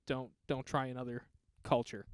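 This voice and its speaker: A man's voice: medium pitch, normal speed, clear, resonant tone, no room sound, clean studio sound. A man co-hosting a casual movie podcast, giving blunt, strongly held opinions. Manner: blunt, opinionated, animated when riled. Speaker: podcast co-host. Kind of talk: casual movie review chat.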